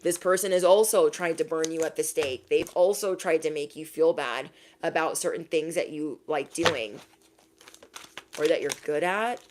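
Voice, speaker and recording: A woman giving a casual, chatty tarot reading, acting out the people she quotes in lively voices. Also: deep voice, moderate pace, noisy background. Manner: chatty, animated quoted voices, laughs at own jokes. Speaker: tarot reader.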